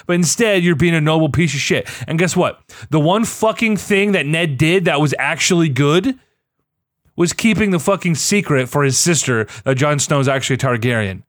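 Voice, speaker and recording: A man's voice: on the high side, lively intonation, normal speed, no echo, studio quality. A man in a casual chat, ranting with heavy swearing and exasperation.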